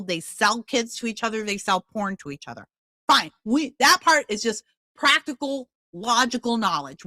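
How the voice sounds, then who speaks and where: A woman in her fifties hosting a podcast, giving impassioned, confrontational commentary that bursts into loud outbursts. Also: a little high, dry recording. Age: 50s. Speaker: podcast host.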